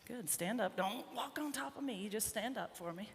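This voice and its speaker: A woman's voice: on the high side, expressive, moderate pace, big-room sound, slight background noise. A woman horse trainer on a body mic, chatting to her colt and the crowd while riding, a bit out of breath. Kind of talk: live clinic demonstration while riding. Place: indoor arena at a horse expo. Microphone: wireless body mic.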